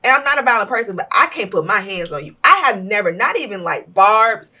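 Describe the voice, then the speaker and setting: A woman co-hosting a podcast, telling stories in a blunt, profane, animated way. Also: mid-range voice, a little fast, distant mic. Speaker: podcast co-host. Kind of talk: casual chat.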